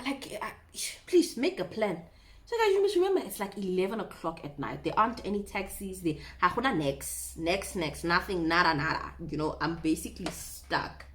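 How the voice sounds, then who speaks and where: A woman in her twenties telling a casual storytime vlog, animated and dramatic. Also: mid-range voice. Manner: animated, dramatic, mixes in Setswana phrases. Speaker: vlogger.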